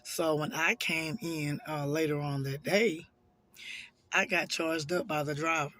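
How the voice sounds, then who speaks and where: A hoarse man chattily telling viewers a story from his workday, animated and addressing them as y'all. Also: fairly high pitch, unhurried, no room sound. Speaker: vlogger telling a work story. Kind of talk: casual storytime monologue.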